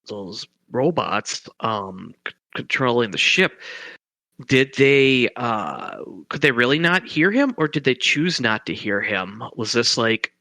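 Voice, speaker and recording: A man's voice: mid-range voice, pushed and bright, no echo. A man co-hosting a podcast, chatting casually about a film and thinking aloud with many questions and restarts. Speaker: podcast co-host.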